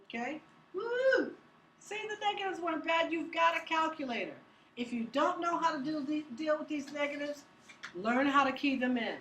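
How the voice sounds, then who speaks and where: A woman's voice: high-pitched, normal speed, a bit bright, a little hiss or hum. A woman teaching math to a class, upbeat and teasing, asking students questions as she works through problems. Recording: echoey classroom from far off.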